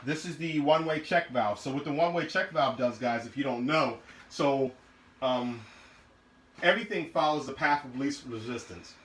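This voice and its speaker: A man walks through engine parts in a casual vlog, rambling and circling back with fillers and restarts. His voice sits mid-pitched and easygoing. The sound is roomy and echoey, with a faint hiss of ambient noise behind it. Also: normal speed, a bit bright. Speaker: car build vlogger. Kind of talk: casual show-and-tell of car parts.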